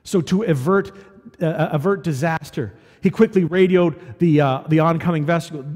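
A man's voice: a little high, moderate pace, darkish tone. A man preaching a sermon in a conversational way, often asking the audience questions. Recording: long hall reverb.

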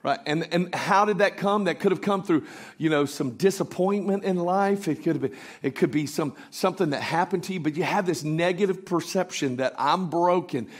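A man preaching a sermon, telling a story and building to loud, emphatic peaks. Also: high voice, normal speed.

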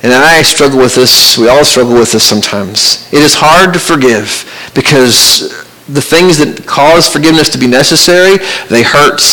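A man preaching a sermon as pastor, earnest and conversational, with pauses and restarts. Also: medium pitch, bright, forceful tone, rough recording.

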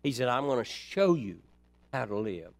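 A man preaching a sermon, folksy and dynamic, dropping to near-quiet then rising high and loud. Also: big pitch swings, moderate pace. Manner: dynamic, swings from soft to loud, folksy asides.

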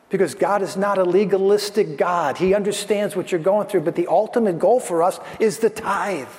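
A man's voice: high-pitched, darkish tone, big-room sound. A man preaching a sermon as pastor, earnest and building his points through repeated phrases.

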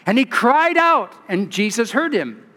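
A man from California, a pastor giving an expressive storytelling sermon with restarts and asides. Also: extremely high pitch, a little slow. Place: large church. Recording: long church reverb.

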